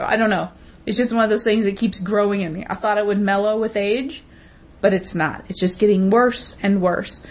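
A woman's voice: mid-range voice, normal speed. A woman co-hosting a podcast, ranting bluntly and emphatically in casual chat, with frequent swearing. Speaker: podcast co-host.

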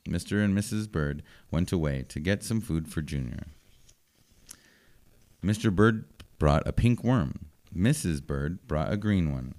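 Man, very deep voice, children's storybook reading, plain steady delivery. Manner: slow, even, simple phrasing for children.

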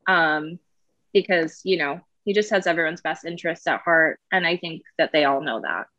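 A woman's voice: low voice, moderate pace, bright, forceful tone, no room sound, lo-fi sound. A woman guest on a podcast, chatting casually and hesitantly with many fillers. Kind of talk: casual interview chat.

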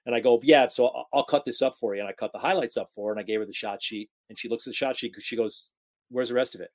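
A man in his forties from the Capital Region of upstate New York talks fast in a mid-range voice. He's a sports broadcaster telling career stories in a casual interview, an animated storyteller who acts out the voices of the people he quotes.

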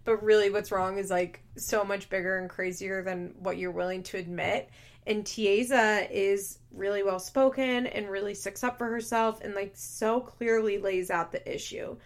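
A young woman hosts a casual podcast, talking through reality TV episodes in an easygoing voice. She is animated and chatty, fills her talk with "like", and laughs often. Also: mid-range voice, moderate pace. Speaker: podcast host.

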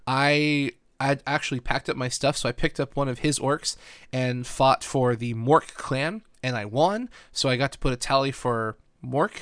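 Excited chatty man, dry close mic. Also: mid-range voice, no room sound. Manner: enthusiastic, rambling, frequent "like" and laughs. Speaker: podcast host. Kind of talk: casual podcast recap.

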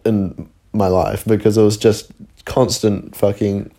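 A young man tells a long, rambling podcast story, swearing freely. His voice sits low, with a dark, mellow tone. He laughs often as he talks. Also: level tone, a little slow, vocal fry. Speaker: podcast co-host. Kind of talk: casual storytelling chat.

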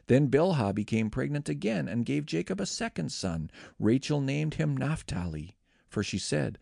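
A man reading scripture aloud, measured and expressive. His voice is gravelly with a lively rise and fall. The recording is close and dry. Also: mid-range voice, no room sound. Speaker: scripture reader.

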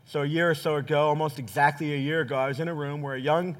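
An earnest male pastor delivers a sermon to his congregation. His voice sits a little high and rings through a hall with long reverb. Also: little pitch movement, quick pace. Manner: earnest, speaks to the congregation directly. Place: church sanctuary.

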